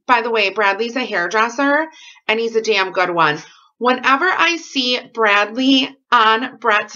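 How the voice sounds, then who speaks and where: A woman's voice: mid-range voice, sharp tone, dull audio. A woman vlogging casually at home, reading out her fan mail in an effusive, rambling way full of asides. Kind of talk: casual chatty vlog.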